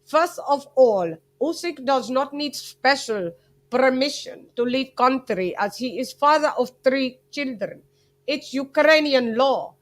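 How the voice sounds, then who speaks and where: A woman voicing an angry male boxing manager in a put-on Eastern European accent, reading slowly and forcefully. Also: high-pitched, expressive. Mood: scolding.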